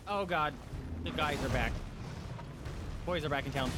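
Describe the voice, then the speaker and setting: A man streaming a video game, commentating live, excitable and yelping and swearing at the action. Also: a little high, normal speed, pauses often, over music.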